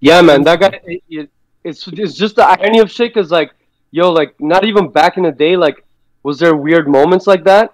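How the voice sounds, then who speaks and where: A man's voice: on the high side, normal speed, dry recording, rough recording. A man guesting on a podcast, telling stories in a laid-back, slangy way and swearing freely. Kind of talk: casual storytelling chat.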